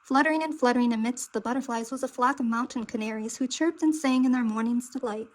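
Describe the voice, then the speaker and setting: A woman narrating a children's picture book aloud with expressive, dramatic delivery. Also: on the high side, fast talker, poor audio. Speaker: storybook reader.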